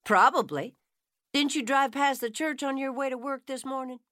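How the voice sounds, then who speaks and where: A woman's voice: sits high, normal speed, no echo, clean studio sound, pitched above the performer's own voice. A woman playing a teasing gossip. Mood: gossipy. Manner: playful, teasing, louder and livelier. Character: teasing Southern woman customer, gossipy and warm.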